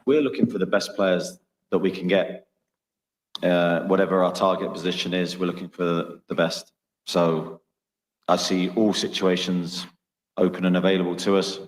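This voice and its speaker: A man's voice: deep voice, steady tone, normal speed, reverberant, long reverb tail. A man speaking as a football club manager at a press conference, guarded and hesitant.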